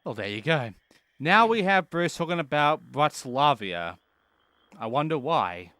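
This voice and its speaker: A man's voice: on the high side, big pitch swings, unhurried, bright, forceful tone, dry recording. A man hosting a let's play, commenting on gameplay in an offhand, profane way.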